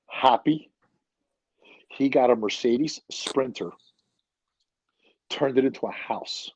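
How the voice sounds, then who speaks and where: Husky blunt-talking man. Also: fairly low pitch, no room sound, dull audio. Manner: blunt, animated storyteller. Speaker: podcast guest. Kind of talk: casual chat.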